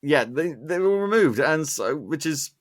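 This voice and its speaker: A man hosting a podcast, recapping a film in casual chat with animated, sarcastic asides. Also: fairly high pitch, measured pace. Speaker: podcast host.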